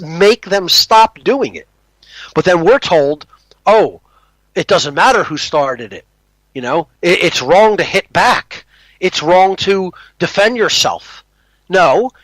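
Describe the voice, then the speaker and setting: A man's voice: a little high, pushed and bright, no room sound, rough recording. A man from the United States, a podcast guest, giving an impassioned monologue, emphatic and often asking "okay?" as he repeats and restarts phrases.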